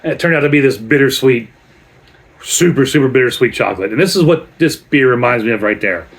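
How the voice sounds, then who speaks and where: A man's voice: mid-range voice, expressive, fairly quick. A man reviewing a beer in a casual vlog, chatty and rambling as he tells stories between sips.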